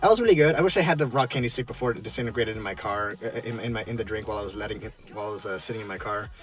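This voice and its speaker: A man casually reviewing drinks from his car, halting and full of fillers and restarts, chuckling often. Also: on the low side.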